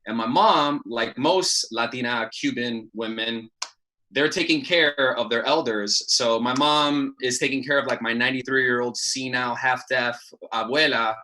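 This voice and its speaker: A young man from Miami performing stand-up comedy with animated, self-deprecating storytelling. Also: mid-range voice, a little slow. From Miami, United States. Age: young adult.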